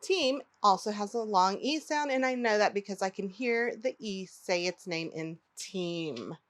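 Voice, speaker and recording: A woman teaching phonics to young children, pronouncing each word slowly and clearly and inviting the listener to repeat it. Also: mid-range voice, fairly bright tone. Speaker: early-learning teacher.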